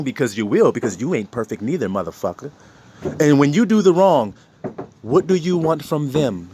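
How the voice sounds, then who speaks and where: Man, preachy monologue, blunt and profane, lively swooping pitch, a touch high, faint traffic noise behind. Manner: blunt and profane, mocking others in put-on voices. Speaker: online preacher.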